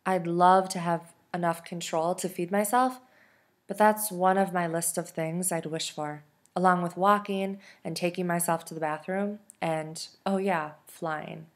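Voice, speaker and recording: A woman, a teacher, reading a novel aloud in soft, steady storytelling. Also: lowish voice, measured pace. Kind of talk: audiobook narration.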